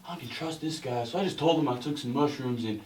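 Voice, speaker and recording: A man on a podcast telling a story in a casual, animated, profane way, saying "bro" constantly. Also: medium pitch, quick pace, slight background noise. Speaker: podcast co-host. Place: podcast studio. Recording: roomy sound from a distant mic.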